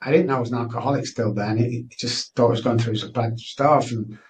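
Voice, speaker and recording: A man's voice: mid-range voice, steady tone, a little fast, recorded from a distance, crowd noise, low-quality recording. Candid middle-aged man. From Manchester, England. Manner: earnest, candid, frequent restarts. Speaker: guest. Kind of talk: personal storytelling interview.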